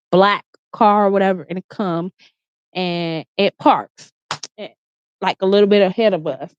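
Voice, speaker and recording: A woman recounting a personal story straight to camera in her bedroom. She talks casually and bluntly, swears freely, and keeps restarting her sentences. The sound is dry, with no room echo, and a little dull and lo-fi. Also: mid-range voice. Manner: candid, profane, lots of "like" and restarts. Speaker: vlogger.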